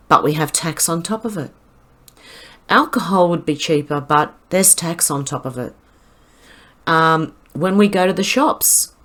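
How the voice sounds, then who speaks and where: A woman with an Australian accent, commenting on news posts in a casual, scornful way, with frequent ums and restarts. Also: on the low side. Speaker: commentary vlogger.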